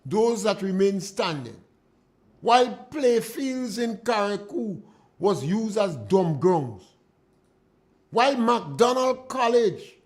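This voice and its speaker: A man's voice: high-pitched, darkish tone. A man with a Grenadian accent hosting a call-in radio show, giving indignant and emphatic political commentary. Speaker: radio talk show host. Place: radio studio.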